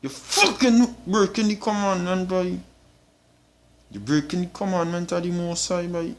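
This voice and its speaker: A man's voice: high voice, steady tone, a little slow. A man with a Trinidadian accent preaching an informal sermon, emphatic and blunt, tagging his lines with "boy" and swearing for emphasis.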